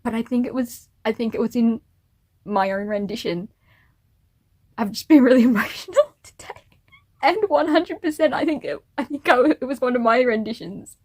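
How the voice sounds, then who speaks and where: This young woman vlogger talks casually to the camera in a slightly high voice at a moderate pace. She rambles, giggles at herself, and seems teary and emotional.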